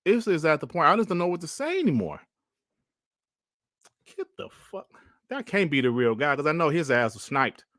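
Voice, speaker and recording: A man riffs as host of a gaming livestream, exasperated and animated, circling back to the same lines. His voice sits a touch high and leaps around in pitch. The sound is dry and close, with no room around it. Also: fast talker, hardly any pauses, no room sound. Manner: animated, exasperated, repetitive ranting; sighs and coughs between phrases. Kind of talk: livestream commentary and rant.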